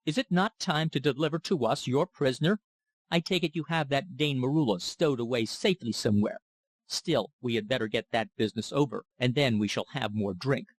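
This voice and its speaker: A man voicing a young naval lieutenant who speaks in a measured, formal, soothing way. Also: medium pitch, dry recording, close to an everyday voice. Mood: firm.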